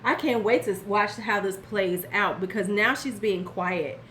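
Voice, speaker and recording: A woman's voice: medium pitch, measured pace, a bit bright, slight background noise. An older woman vlogging casually about beauty, giving blunt, sassy advice straight to the viewer and answering chat now and then. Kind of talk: casual commentary vlog.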